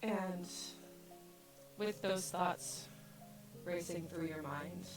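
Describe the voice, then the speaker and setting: A woman narrating as game master of a tabletop role-playing game, setting scenes gently. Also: fairly low pitch, drawn-out words, music in the background, poor audio.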